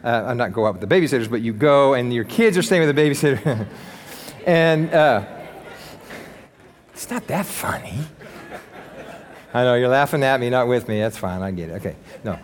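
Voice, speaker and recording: An upbeat male pastor preaches in a casual, joking manner, his voice sitting at an ordinary middle pitch. Long reverb from a large church sanctuary trails after each phrase. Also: fast talker. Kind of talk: sermon.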